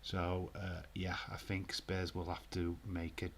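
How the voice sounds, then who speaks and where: A man's voice: sits low, monotone, measured pace, a little hiss or hum. A man with a Yorkshire accent hosting a live stream, chatting in a jokey, laid-back way, with frequent fillers and swearing. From Yorkshire, northern England. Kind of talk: casual live stream chat.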